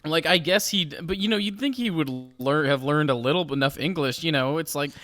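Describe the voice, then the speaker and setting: A man's voice: a little high, fairly quick, pushed and bright, no echo. A man co-hosting a comedy podcast, chatting casually and joking around. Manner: joking, riffs with silly put-on voices. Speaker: podcast co-host. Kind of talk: casual chat.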